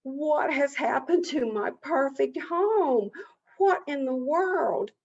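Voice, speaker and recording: Woman doing a male turtle, crafty, indignant, slow, folk tale, muffled lo-fi sound. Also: lively intonation, darkish tone. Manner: indignant then sly, shifting between high exclamations and muttered asides.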